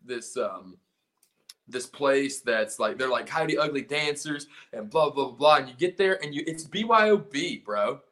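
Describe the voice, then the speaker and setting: In a lively, bright, forceful mid-range voice, unhurried, the South Carolina punk band frontman, who sings and plays guitar, tells a casual story on a podcast, profane and rambling with frequent restarts.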